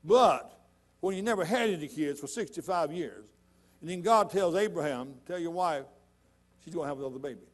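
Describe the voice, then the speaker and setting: A middle-aged man preaching a sermon in a church, folksy and conversational, building to loud emphatic points. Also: on the high side, lively intonation, brisk. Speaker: pastor.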